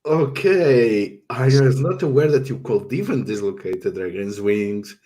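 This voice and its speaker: A man voicing a young student with an unimpressed, deadpan delivery. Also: mid-range voice, unhurried, natural voice. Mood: dry.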